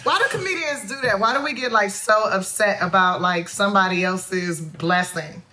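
A woman's voice: medium pitch, moderate pace, sharp tone. A woman, a stand-up comedian, chatting casually as a guest, laughing easily and answering briefly. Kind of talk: casual chat.

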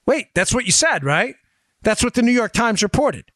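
A man's voice: very high voice, very animated, moderate pace, a bit bright, dry recording, clean studio sound. A man hosting a political podcast, delivering emphatic commentary full of rhetorical questions aimed at his listeners. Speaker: podcast host.

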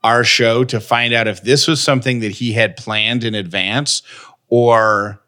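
A man's voice: medium pitch, steady tone, unhurried, bright, forceful tone. A man co-hosting a podcast, chatting casually and reading an ad in an upbeat, conversational way. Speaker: podcast co-host. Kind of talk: casual chat and read ad.

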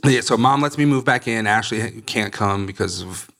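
A man's voice: on the low side, moderate pace, gravelly, a bit bright. A young man, a podcast guest, candidly telling his recovery story in a blunt, swearing way and acting out the people he quotes.

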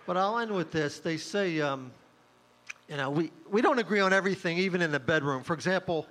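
A middle-aged man doing a stand-up comedy set, delivering crude one-liners in a deadpan, offhand way. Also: on the high side, brisk.

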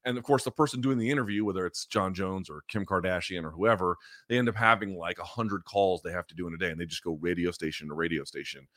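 A man hosting a podcast, telling a story in a casual, animated and emphatic way and swearing freely. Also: deep voice, quick pace, few pauses, no room sound, studio quality. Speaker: podcast host.

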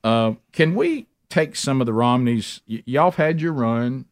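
A man's voice: mid-range voice, lively intonation, measured pace, no echo, clean studio sound. A man co-hosting a talk radio show in casual banter, often stopping to restart, with many fillers.

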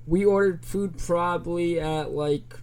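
Animated young man telling a story. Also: fairly high pitch, measured pace, a little hiss or hum. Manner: animated storyteller, acts out phone calls. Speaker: podcast co-host. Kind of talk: casual podcast chat.

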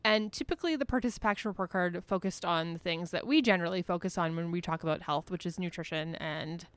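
A woman co-host chatting casually, with a slight lisp. Her voice sits a bit low, and she laughs easily. The recording is dry, with no room sound. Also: quick pace, dry recording. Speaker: podcast co-host. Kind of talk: casual chat.

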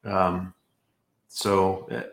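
A man co-hosting a podcast, chatting casually about the sport in a relaxed, rambling way full of restarts. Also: sits low, extremely slow, gravelly, echoey room. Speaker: podcast co-host.

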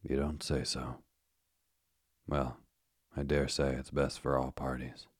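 A burly asylum keeper, as a man reads him, cheerful and callous, with an offhand, colloquial way of talking. His voice sits extremely low and husky, and the delivery stays flat. It sounds close and dry, like a storybook reading. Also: takes it slowly, no echo, full character voice.

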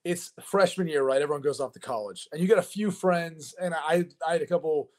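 A man in his thirties hosting a laid-back sports show, with a voice a touch higher than most men's. He talks in loose, rambling sentences, full of fillers and quick laughs. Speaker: host. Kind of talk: casual sports chat.

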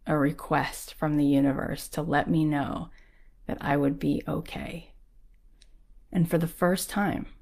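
Low-voiced woman telling a story. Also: a little mellow. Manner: chatty, peppered with "like"; acts out the people she quotes. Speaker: guest sharing a personal story. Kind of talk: casual storytelling.

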